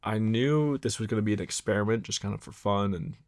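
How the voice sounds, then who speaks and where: Low gravelly young man vlogging. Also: brisk. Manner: relaxed, self-deprecating, rambling with fillers. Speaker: photography vlogger. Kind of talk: casual vlog narration.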